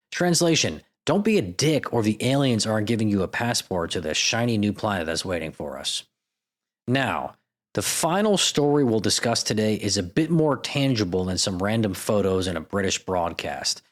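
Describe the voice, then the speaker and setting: A man hosting a podcast, reading out stories with irreverent, profane, jokey asides. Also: mid-range voice. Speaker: podcast host. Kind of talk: comedic podcast narration.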